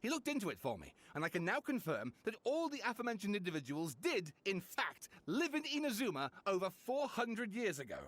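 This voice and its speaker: A man's voice: high-pitched, a little fast, few pauses, heavily acted. An actor playing an eager male writer who talks theatrically and builds up his reveals. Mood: explaining. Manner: theatrical, excitable, dramatic build-ups.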